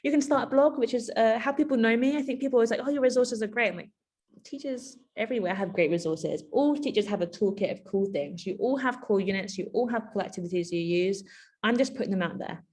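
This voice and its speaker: A woman giving a conversational keynote to teachers. She is chatty and animated, with frequent asides and fillers. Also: fairly high pitch, quick pace, slightly rough. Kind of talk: conversational presentation.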